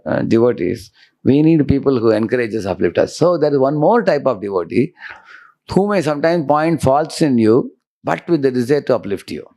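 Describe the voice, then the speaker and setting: A man's voice: medium pitch, mellow. A monk giving a devotional lecture in a conversational way, often checking in with his listeners.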